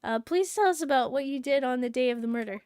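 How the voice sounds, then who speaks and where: A woman voicing a cool, brooding masked male prosecutor, speaking low, slow and unhurried. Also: lively intonation, a little mellow, a little hiss or hum.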